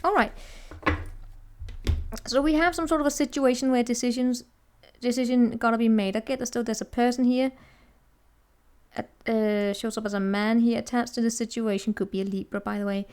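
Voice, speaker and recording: A woman's voice: fairly high pitch, steady tone, normal speed, darkish tone, clean tone. A woman giving a casual, chatty tarot reading to viewers, teasing and laughing as she talks, often restarting her sentences. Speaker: tarot reader.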